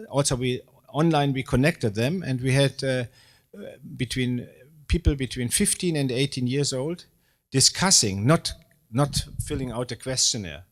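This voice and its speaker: A man in his sixties from Germany with a German accent, speaking English at a live public talk as a space agency director, with many fillers and restarts. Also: mid-range voice. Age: 60s. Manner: hesitant, many fillers, self-deprecating.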